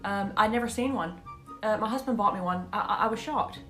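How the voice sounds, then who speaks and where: Woman, casual vlog, chatty, questioning, mid-pitched voice. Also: fairly quick, fairly bright tone, soft background music. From Georgia, USA. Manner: chatty and questioning, with playful swearing. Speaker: vlogger.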